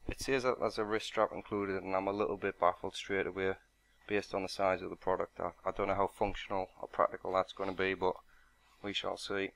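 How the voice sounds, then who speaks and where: A man's voice: low-pitched, flat delivery, brisk, gravelly, a bit bright. A man narrating an unboxing and product walkthrough in a matter-of-fact, explanatory way. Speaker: product reviewer.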